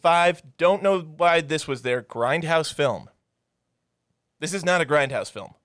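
A man's voice: a little high, expressive, measured pace, fairly bright tone, no room sound, clean studio sound. A young man hosting a movie podcast, enthusiastically running through lists and swearing casually. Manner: enthusiastic, profane, reads stats and lists. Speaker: podcast host.

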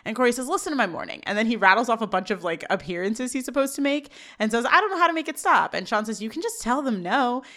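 A woman co-hosting a casual podcast, recapping scenes quickly and laughing often. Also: fairly high pitch. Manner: animated, laughs often, quick paraphrasing of dialogue. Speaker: podcast co-host.

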